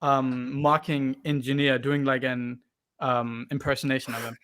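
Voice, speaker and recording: A male host asking long questions on a live stream, halting and full of fillers. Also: mid-range voice, level tone, a bit bright, clear, resonant tone.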